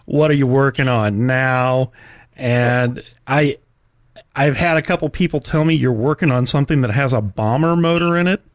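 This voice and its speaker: Man, interview host, friendly questions, middle pitch, dry recording. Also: normal speed, no room sound. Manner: friendly, asks open questions. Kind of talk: casual interview.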